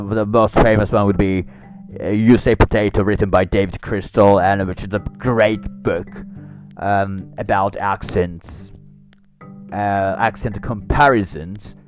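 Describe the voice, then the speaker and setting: A man hosting a solo podcast, speaking with an attempted English accent and thinking aloud with many restarts and repeated words. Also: lowish voice. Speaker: podcast host.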